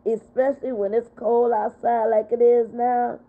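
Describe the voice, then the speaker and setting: Older woman, livestream host, higher voice, heartfelt and repeating herself, tinny phone audio. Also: normal speed. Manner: heartfelt, repetitive, upset but steady. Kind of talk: casual livestream chat.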